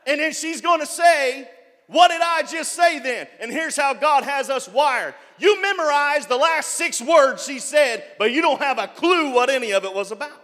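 A man preaching a sermon as pastor, building up to loud shouted passages. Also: very high-pitched, expressive, moderate pace, hardly any pauses, in a large hall. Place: church.

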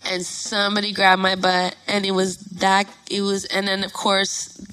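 A young woman from Los Angeles, a musician telling a story in a casual interview, animated and profane, loudly acting out what people said. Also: medium pitch, normal speed, clean tone, low-quality recording. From Northeast Los Angeles. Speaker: musician guest.

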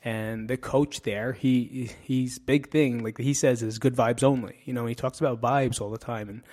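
A man's voice: mid-range voice, fairly even intonation, normal speed, darkish tone. 30s guy doing a podcast, swears a lot, rambles, makes fun of himself, regular mid voice. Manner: blunt, profane and self-mocking; loose and rambling with restarts. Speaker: podcast host. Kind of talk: casual podcast monologue.

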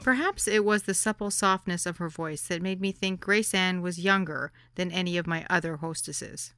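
A woman's voice: on the low side, normal speed, smooth, faint music behind. Wry woman reading a memoir. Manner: wry, deadpan storytelling. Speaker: narrator.

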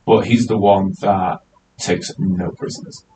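A man hosting a casual podcast, teasing his guests and jumping up high when excited. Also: unhurried. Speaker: podcast host. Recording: distant mic, faint hiss.

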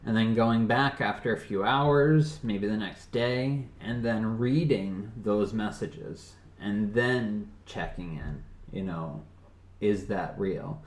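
A man co-hosting a casual podcast, calmly explaining and running a quiz game. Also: lowish voice, slow pace, roomy sound. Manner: steady, explanatory, runs the game. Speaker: podcast co-host. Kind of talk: casual chat.

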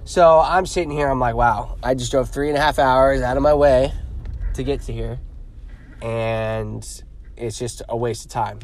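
A young Californian vlogger tells a rambling, profane story in a casual vlog, animatedly acting out the dialogue. His voice is medium-pitched and unhurried, with a little hiss or hum audible.

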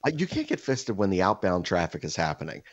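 A man's voice: sits low, very animated, fast, no room sound, muffled recording. A man co-hosting a podcast, telling crude stories in casual chat and cursing freely. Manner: crude, joking storyteller who curses freely. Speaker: podcast co-host.

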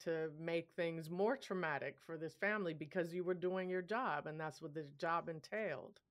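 A woman's voice: low-pitched, normal speed. A woman hosting an interview, supportive and affirming as she responds to her guest. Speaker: interview host. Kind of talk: casual interview conversation.

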